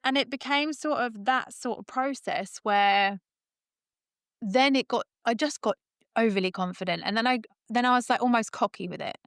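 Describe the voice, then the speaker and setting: Lively woman telling stories. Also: a little high, moderate pace, dry recording, clean studio sound. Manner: lively storyteller, laughs often. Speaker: roofer and business owner, guest. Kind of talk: casual interview chat. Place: podcast recording.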